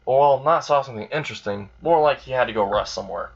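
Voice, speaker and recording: A man's voice: medium pitch, fast, gravelly, husky, muffled recording. Rambling man telling a fan story. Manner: rambling, full of "like" and "you know". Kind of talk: casual improvised fan story narration.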